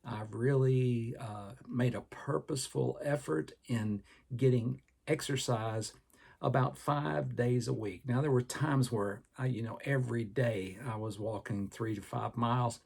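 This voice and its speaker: An older man with a Southern American accent hosts a podcast, rambling along folksily with plenty of fillers; he's also a personal trainer. His voice sits at medium pitch and moves unhurriedly, a little mellow, with vocal fry and a breathy edge.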